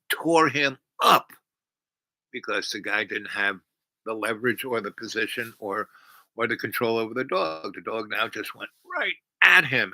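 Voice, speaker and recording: A man's voice: mid-range voice, pushed and bright, no room sound, rough recording. A man hosting a long stream, telling a meandering story full of asides and restarts. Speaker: livestream host. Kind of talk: rambling storytelling.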